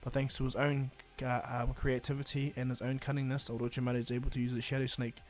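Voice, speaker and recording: This man's mid-range voice barely rises or falls and has a slightly mellow quality as he hurries through a loose fan-fiction retelling. Fillers and "and he goes" crop up constantly, with faint music playing underneath.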